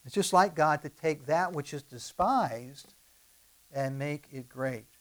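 A man preaching a sermon and reading scripture aloud, swinging from loud to soft and firing rhetorical questions at his listeners. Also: a little high, takes it slowly.

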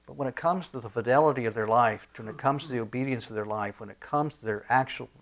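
A man preaching a sermon in a conversational way, with frequent restarts and soft asides. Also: medium pitch, fast. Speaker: pastor.

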